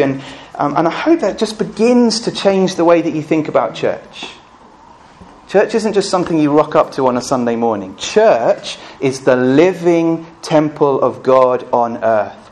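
Animated preacher, man, higher voice. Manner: animated preaching, rhetorical questions, swings between loud and hushed. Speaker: pastor. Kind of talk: sermon.

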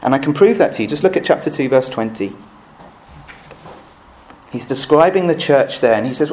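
A man preaching a sermon, full of rhetorical questions and swinging between loud emphasis and hushed asides. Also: medium pitch, expressive, normal speed, pauses often. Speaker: pastor.

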